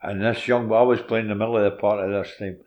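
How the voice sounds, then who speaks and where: An older Scottish man with a fairly low voice spins lively anecdotes in a relaxed interview. He acts out the old exchanges and laughs as he goes. He talks like a former footballer looking back on his career. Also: fast talker, dull audio. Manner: animated anecdotes, laughs while telling, drops into quoted dialogue. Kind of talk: casual interview storytelling.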